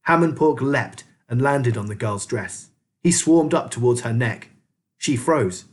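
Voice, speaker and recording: A man reading a children's novel aloud as a teacher, expressive storyteller. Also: medium pitch, unhurried.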